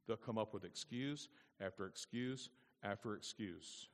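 A male pastor delivers a sermon to his congregation in a church sanctuary, leaning on emphatic repetition. His voice is on the low side and a little slow, and long reverb from the church hall trails his words.

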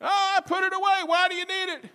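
A man squeaking out a shrill, evasive cartoon wife. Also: little pitch movement, fast talker, bright, forceful tone, big-room sound.

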